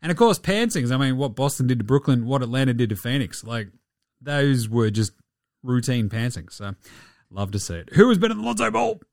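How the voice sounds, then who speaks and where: A man talks basketball in loose, profane banter, rattling through numbers between jokes. His voice sits at an ordinary middle pitch. The recording is dry and close, with no room sound. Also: big pitch swings, creaky, a little mellow, no room sound. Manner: sweary, joking, rapid-fire stats. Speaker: basketball podcast host. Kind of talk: casual sports commentary.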